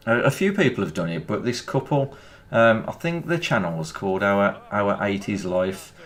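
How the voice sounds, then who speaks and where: Chatty low-voiced Birmingham man. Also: expressive, moderate pace. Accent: Birmingham English. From England. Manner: chatty and rambling, chuckles often. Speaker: gaming YouTuber. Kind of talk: casual chat over gameplay.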